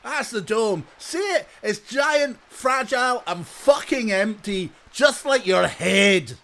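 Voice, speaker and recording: A man putting on a Scottish accent to play a furious, foul-mouthed male spin doctor who shouts insults. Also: high-pitched, animated, slow pace, pitched above the performer's own voice, heavily acted. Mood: ranting. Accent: Scottish, put on.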